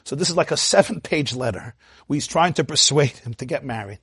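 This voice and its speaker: A man teaching a Torah class as a rabbi, telling stories and acting out quoted speech with big jumps in pitch and loudness, thinking aloud with restarts. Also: animated, brisk, slightly rough, no echo, clean studio sound. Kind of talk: Torah lecture.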